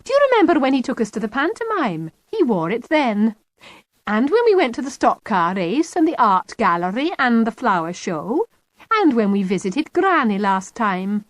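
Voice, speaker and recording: A woman's voice: a little high, sing-song, normal speed, no room sound, studio quality. A woman voicing a cheeky, scheming young schoolgirl in an audiobook. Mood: needling.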